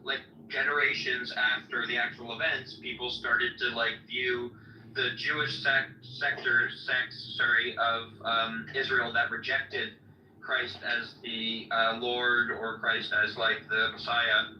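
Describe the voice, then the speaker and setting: A man's voice: mid-range voice, level tone, takes it slowly, slight background noise. A man arguing in an online voice-chat debate, rambling with many fillers and restarts. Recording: roomy distant lo-fi audio.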